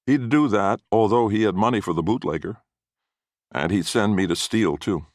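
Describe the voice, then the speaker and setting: A man's voice: on the low side, normal speed, no echo, clean studio sound. A man reading a short story aloud in a wry, folksy narrating voice. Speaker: story reader.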